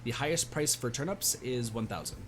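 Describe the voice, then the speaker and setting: Man, game livestream chatter, rambling and chatty, steady mid pitch, background music. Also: fairly quick. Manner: chatty, rambling, talks to chat. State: hiccups. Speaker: streamer. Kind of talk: casual game livestream chat.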